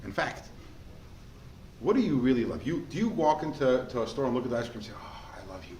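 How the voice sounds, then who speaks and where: A man, a rabbi, giving a lively class, quizzing students and telling stories in an animated way. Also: medium pitch, quick pace. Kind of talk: lively lecture with questions to students. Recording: echoey room, faint background noise.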